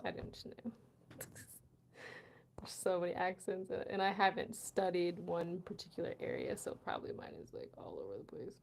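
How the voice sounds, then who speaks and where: A woman's voice: fairly low pitch, sing-song, moderate pace, creaky, a little mellow, slight background noise. An American woman hosting a casual live chat, reading viewer comments aloud and laughing often between words. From United States. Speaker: host of a language channel.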